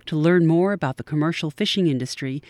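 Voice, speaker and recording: A man narrating a scripted radio segment in a measured way. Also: a little high, a little mellow, no echo, clean studio sound.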